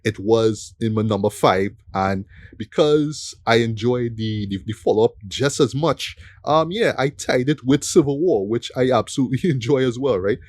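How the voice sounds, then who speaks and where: A man's voice: medium pitch, normal speed, darkish tone, no echo. A man hosting a casual film review podcast, rambling with many fillers and "right?" tag questions. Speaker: podcast host.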